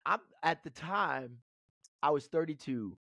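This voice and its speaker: A man's voice: mid-range voice, measured pace, no echo. Dude in his 30s rambling thru a story, lots of likes and restarts, dry sound, medium voice. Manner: rambling, many fillers and restarts. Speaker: podcast co-host. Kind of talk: casual storytelling.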